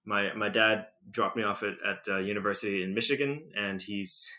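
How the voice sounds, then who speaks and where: Bright man with a slight British tinge. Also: fairly low pitch. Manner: rambling, filler-heavy, quick to laugh. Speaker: podcast guest. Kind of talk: casual conversational storytelling. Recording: slightly muffled lo-fi recording.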